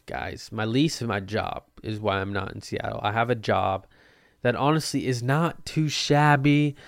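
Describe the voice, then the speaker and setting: Young man, podcast host, casual Q&A, jokey, swears, smooth tone, dry close sound. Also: medium pitch, no echo. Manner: loose, jokey, swears freely. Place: Portland.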